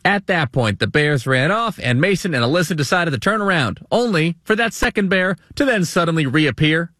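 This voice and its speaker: A man reads a scripted news story in a brisk, lightly playful manner. His voice sits a little higher than most men's. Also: lively intonation, fairly bright tone, dry recording, studio quality. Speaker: network news reporter. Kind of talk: scripted news report narration.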